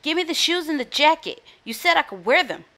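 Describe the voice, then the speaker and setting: A woman voicing a short, stubborn bully boy twin who shouts back indignantly in a storybook. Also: high voice, sing-song, a little fast, pitched above the performer's own voice, full character voice.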